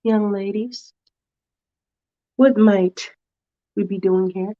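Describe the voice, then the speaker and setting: A woman voicing a grown man who talks to teenagers in a calm, stern, fatherly way. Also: muffled recording, close to an everyday voice. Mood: smooth. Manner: low, measured, scolding.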